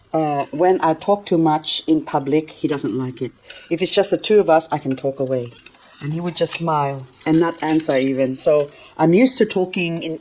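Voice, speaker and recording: Giggling and talking without pause, an older gardening vlogger tidies her plants while chatting casually as she works. Her voice is deep and mellow, in a rough recording with slight background noise.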